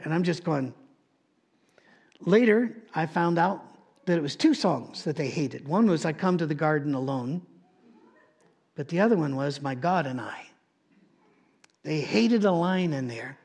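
A male preacher with a somewhat high voice tells a story from the pulpit. His delivery is wry and conversational, with dry asides woven into the sermon. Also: darkish tone.

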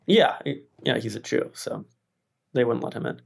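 A man with a strongly gravelly, fry-laden voice pushes back with skepticism. He often restarts his sentences as he works through his points in a casual podcast discussion. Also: medium pitch, normal speed. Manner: hesitant restarts, skeptical pushback. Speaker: podcast host. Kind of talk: casual policy debate.

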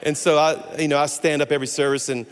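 Brief: male pastor, chatty storyteller from the pulpit, higher pitch, echoing church hall. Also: quick pace, clear, resonant tone. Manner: animated, jokey storyteller with many restarts. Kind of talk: storytelling sermon. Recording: echoey hall.

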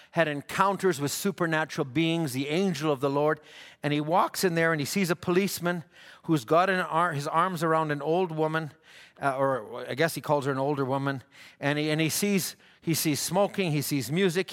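High-voiced preacher guy getting all fired up, shouting at times, big echoey church hall. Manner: fervent, rising to shouts, stammering restarts. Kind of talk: impassioned sermon. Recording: long hall reverb.

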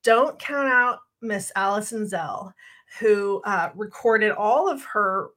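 Middle-aged woman podcast co-host, bright tone, chatty, laughs a lot. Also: mid-range voice, takes it slowly. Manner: animated, laughs often, rambling restarts. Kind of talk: casual chat.

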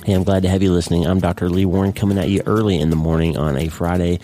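A man's voice: sits low, level tone, very fast, warm tone, soft background music. A middle-aged man hosting a podcast, talking earnestly off the cuff with frequent restarts. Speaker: podcast host, neurosurgeon. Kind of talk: casual unscripted podcast monologue.

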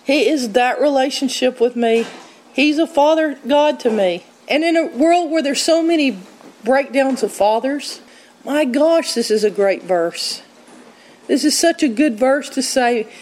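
A woman teaching on scripture in a conversational, animated way, quoting verses and acting out what people said. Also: high voice, a little slow, rough recording. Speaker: Bible teacher.

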